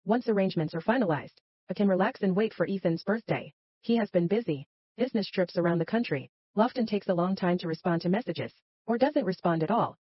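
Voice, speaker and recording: Breathy woman narrating a romance story. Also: mid-range voice, brisk, no echo, highs cut off.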